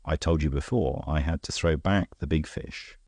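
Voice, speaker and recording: A man voicing a cool, worldly gentleman detective who speaks in a calm, dry, knowing way. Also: extremely low pitch, normal speed, breathy edge, no room sound, full character voice. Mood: wry.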